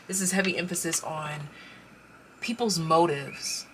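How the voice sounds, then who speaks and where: A woman giving a casual pick-a-card tarot reading. She speaks straight to the viewer, gets excited, and interrupts herself as she pulls cards. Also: on the low side, takes it slowly, slight background noise.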